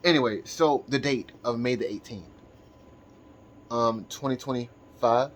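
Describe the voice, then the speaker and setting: A man of middle pitch rambling on for his channel, halting and circling back through half-finished thoughts. He sounds tired, and his delivery stays loose and unscripted. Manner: halting, full of restarts and fillers. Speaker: channel host. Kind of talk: casual rambling monologue.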